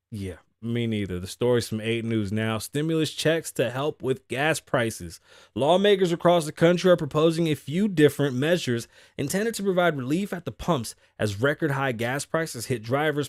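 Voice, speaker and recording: A man's voice: medium pitch, no room sound. Young male host, casual profane commentary over read-out news, dry and close. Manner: blunt, profane, riffs on stories with acted quotes. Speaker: podcast host. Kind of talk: casual commentary, reading news stories aloud.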